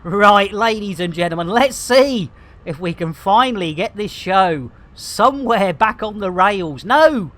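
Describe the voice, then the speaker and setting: A woman's voice: medium pitch, expressive, unhurried, a bit bright. A woman hosting a live game stream, rambling in a jokey, self-mocking and theatrical way.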